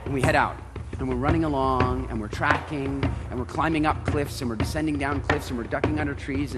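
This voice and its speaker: A man telling a story on stage in an animated way, acting out both sides of a conversation. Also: mid-range voice. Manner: animated storyteller, acts out dialogue.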